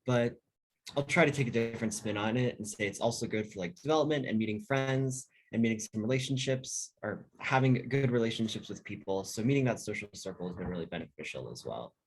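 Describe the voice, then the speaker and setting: A man in student government answering in a measured, thoughtful way. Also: on the low side, husky, poor audio.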